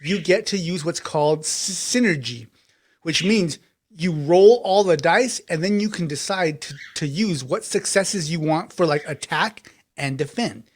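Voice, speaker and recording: A man's voice: a little high, animated, unhurried. A man narrating loosely as game master, chatty and full of fillers. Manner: loose, chatty scene-setting with many fillers.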